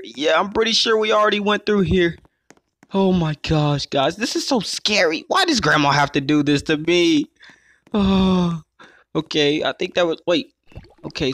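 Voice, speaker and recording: A man with a slightly high voice giving let's play commentary. He sounds excitable and keeps talking straight to his viewers as he plays. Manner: excitable, calls himself "your boy", keeps addressing viewers as guys. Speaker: gaming YouTuber.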